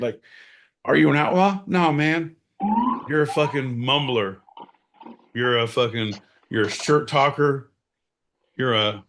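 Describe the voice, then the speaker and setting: A man's voice: medium pitch, fairly bright tone. Profane, rambling man riffing for laughs. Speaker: podcast co-host. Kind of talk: casual comedic chat.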